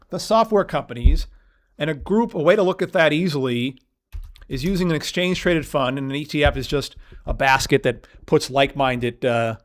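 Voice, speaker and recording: Emphatic man explaining stock charts. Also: mid-range voice. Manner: emphatic, piles up vivid synonyms. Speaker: market educator. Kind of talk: chart walkthrough lesson.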